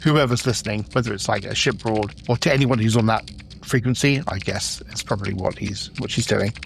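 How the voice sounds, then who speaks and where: A man playing a tabletop game, talking in a quick, offhand way. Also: fairly low pitch, creaky, a little hiss or hum. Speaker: player. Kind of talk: casual tabletop play.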